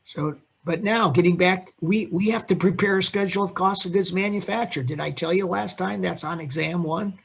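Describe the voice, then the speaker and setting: A man teaching accounting to a classroom, with a husky, slightly high voice. He lectures in an animated, teasing way, quizzing students by name as he goes. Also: moderate pace, hardly any pauses. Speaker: accounting instructor.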